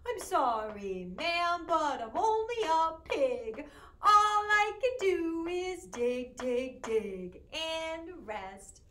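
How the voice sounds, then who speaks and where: A woman's voice: very high-pitched, sing-song, extremely slow, a bit bright, echoey room, exaggerated voice. A woman voicing an apologetic, stubborn pig in a sing-song chanted rhyme.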